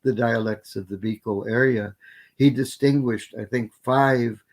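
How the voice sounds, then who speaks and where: In a guest lecture, a man with a mid-range voice and fairly even intonation answers questions at length, speaking a little slowly. His academic Q&A reply rambles, full of fillers as he keeps correcting himself.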